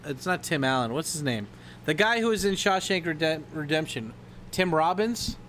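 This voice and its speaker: A man's voice: a little high, lively intonation, normal speed, a bit bright, slight background noise. Rambling, profane man streamer. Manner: rambling, profane, laughs a lot, scats and imitates movie lines. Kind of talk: casual livestream chat.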